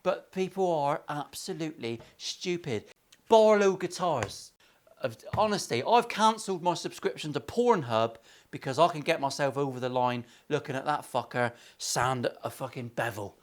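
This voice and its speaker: A man's voice: a little high, animated, normal speed. A man with an English accent, talking through a guitar build in his workshop with crude jokes and a lot of swearing. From England. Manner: crude, swearing, joking asides. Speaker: luthier. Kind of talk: workshop vlog banter.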